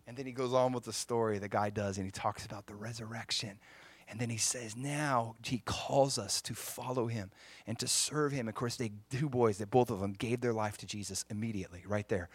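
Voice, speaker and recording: A man preaching through a story, animated and acting out the voices of the people in it. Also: mid-range voice, brisk, no echo. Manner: animated, acts out quoted voices. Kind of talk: sermon storytelling.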